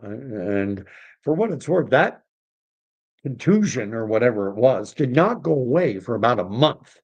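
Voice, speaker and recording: A middle-aged man chats on his livestream at an ordinary pitch. He rambles through his story and keeps restarting his sentences. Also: darkish tone. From Canada. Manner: rambling, self-correcting, conversational. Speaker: livestream host. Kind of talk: casual storytelling chat.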